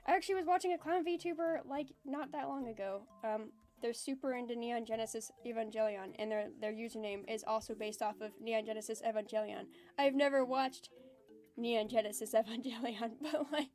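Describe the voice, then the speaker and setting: High-voiced giggly woman streamer. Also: steady tone, brisk, a little mellow, soft background music. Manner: giggly, chatty, reads chat messages aloud; self-described low-energy and introverted. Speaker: streamer chatting with live chat. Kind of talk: casual livestream chat.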